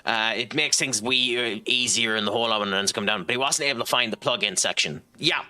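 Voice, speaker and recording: Irish man, game streamer, very bright sharp voice, middling pitch, rambling chatter full of ums. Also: fast. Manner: rambling, lots of ums and restarts. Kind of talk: casual gameplay commentary and chat reading.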